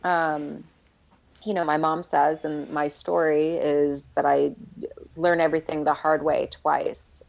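Low, gravelly woman telling her story. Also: a little mellow, low-quality recording. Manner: earnest, reflective, many fillers. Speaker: podcast guest. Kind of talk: casual personal storytelling.

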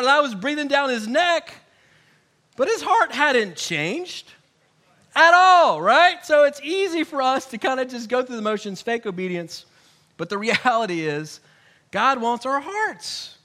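Bright-voiced, high male preacher. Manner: expressive preaching, swings from loud emphasis to quiet storytelling. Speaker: pastor. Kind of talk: sermon.

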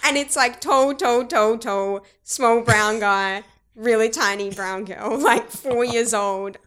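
A woman's voice: on the high side, slow pace. A woman in her twenties with an Australian accent, chatting casually and animatedly as an interview guest. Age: 20s. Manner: chatty and animated, laughs often.

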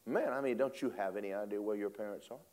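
A man preaching a storytelling sermon, animated, acting out voices and laughing often. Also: fairly low pitch, fast.

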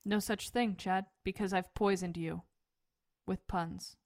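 A woman's voice: mid-range voice, fairly even intonation, unhurried, darkish tone, dry recording, studio quality. A woman hosting a podcast, chatting casually and laughing often. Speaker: podcast host. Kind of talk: casual chat.

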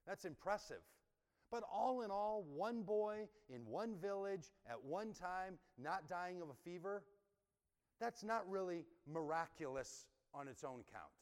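A man preaching a sermon in a conversational, emphatic style, asking rhetorical questions. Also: sits high. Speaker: pastor. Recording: reverberant hall sound.

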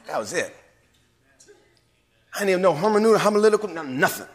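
Man, bishop giving a sermon, emphatic, lively pitch, long church reverb. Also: fast, pauses often. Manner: emphatic preaching, rising to shouts and dropping to whispers. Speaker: bishop and pastor. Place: church sanctuary.

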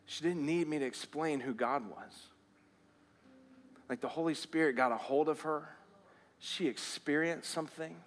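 A man's voice: a little high, moderate pace, long pauses. A man preaching a sermon as pastor, telling a story and repeating phrases as he urges his listeners on. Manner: storytelling, repeats phrases, rises to earnest urging. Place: church sanctuary.

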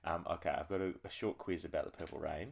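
Deep-voiced Australian man quizzing his co-host. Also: steady tone, fast, creaky, a little hiss or hum. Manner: dry teasing, chuckles often. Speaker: podcast co-host. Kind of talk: casual chat, running a quiz.

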